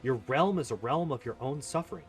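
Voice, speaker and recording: Man reading as a gentle pleading young healer. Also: mid-range voice, lively intonation, brisk, soft background music, natural voice. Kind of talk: reading game dialogue aloud.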